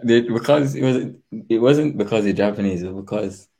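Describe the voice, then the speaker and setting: A man who is a guest on a livestream, chatting in a relaxed, joking way. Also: fairly low pitch, a little fast, vocal fry, husky. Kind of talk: casual chat.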